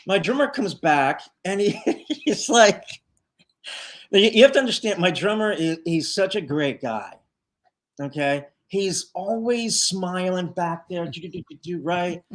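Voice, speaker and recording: A man's voice: high-pitched, animated, measured pace. A man chatting as a guest on a live show, leading a tribute band and telling a winding story. He keeps stacking fillers and restarts, then jumps into little acted-out quotes of the people in it. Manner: rambling, full of fillers, acts out quoted lines. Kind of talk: casual storytelling in a live interview.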